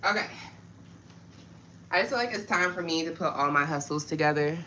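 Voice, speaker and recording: A woman with a low voice chats casually with her livestream viewers, talking straight to them in a loose, frustrated way. Steady background noise and small clicks sit under her voice throughout the home recording. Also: brisk, low-quality recording. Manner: chatty and frustrated, addressing viewers directly. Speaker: livestream host. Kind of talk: casual live chat with viewers.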